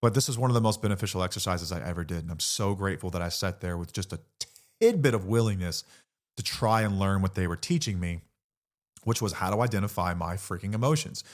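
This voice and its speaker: Low-voiced guy, middle-aged, blunt and earnest, swears a bit, talks straight to the listener. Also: animated, quick pace. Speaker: podcast host. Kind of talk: candid recovery talk.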